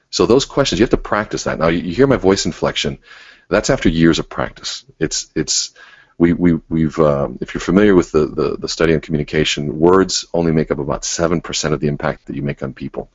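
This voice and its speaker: A man presenting a sales training webinar, coaching listeners and acting out sample conversations with lively voice inflection. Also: rumbling low, a little fast, husky, no echo, muffled recording. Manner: coaching, acts out sample dialogues with strong inflection.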